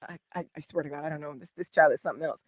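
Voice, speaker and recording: A middle-aged woman hosting a spiritual self-help livestream, talking casually and animatedly, jumping from loud exclamations to whispers. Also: low-pitched, steady tone, very fast, dry recording. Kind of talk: casual motivational talk.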